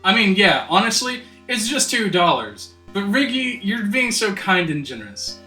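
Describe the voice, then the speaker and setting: A man's voice: sits high, big pitch swings, moderate pace, sharp tone. A man streaming a game live, chatting with his viewers, laughing often and tripping over his words. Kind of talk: live gameplay commentary. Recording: roomy room with game music behind.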